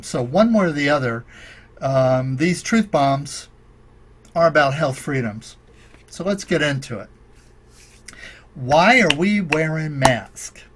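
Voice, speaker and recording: Guy doing a podcast rant, kinda high voice for a man, slow and emphatic, hits the key words hard. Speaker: podcast host and natural medicine college dean.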